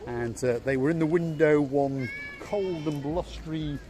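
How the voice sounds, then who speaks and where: Here the Yorkshire vlog host from England sounds fairly high yet dark in tone, taking his time. He's leading a walking tour along the seaside, talkative and prone to repeating words for emphasis, with outdoor street sounds around him.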